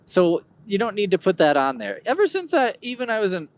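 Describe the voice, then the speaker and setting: A man hosts his own podcast alone, chatting in a loose, rambling way. He wanders from tangent to tangent with dry, wry humor. His pitch swings widely, rising and dipping as he tells his stories. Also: big pitch swings, fairly quick, slight background noise. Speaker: podcast host. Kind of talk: casual solo podcast monologue.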